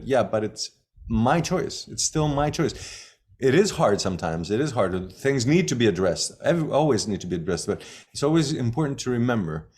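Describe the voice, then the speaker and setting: A man's voice: mid-range voice, big pitch swings, normal speed, darkish tone, husky. A man teaching about energy work in a casual talk, emphatic and fond of repeating key phrases. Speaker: shamanism teacher.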